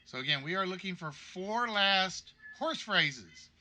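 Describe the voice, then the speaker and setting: A man's voice: high voice, lively intonation, measured pace, sharp tone, soft background music. A man hosting a live-streamed game show, chatty and joking as he reads out players' guesses.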